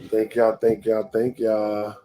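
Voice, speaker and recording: A man's voice: lowish voice, completely flat delivery, slow pace, warm tone. A man hosting a live-streamed motivational talk. He repeats his lines and speaks straight to the viewers, over and over. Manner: preachy and repetitive, talks straight to viewers.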